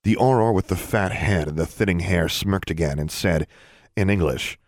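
A man with a deep voice narrates an audiobook, keeping his storytelling steady and measured. It is a dry recording of studio quality.

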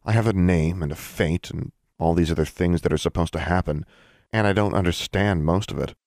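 A man's voice: deep voice, a little fast, a little mellow, no echo, studio quality. A man voicing a sixteen-year-old witch girl who is blunt and unsure of herself, with a wry, plainspoken manner.

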